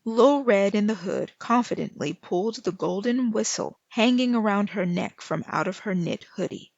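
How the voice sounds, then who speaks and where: Woman narrator reading a children's story aloud, slow and gravelly, dry, dull lo-fi recording. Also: medium pitch, a little mellow, no echo. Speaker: author reading her story.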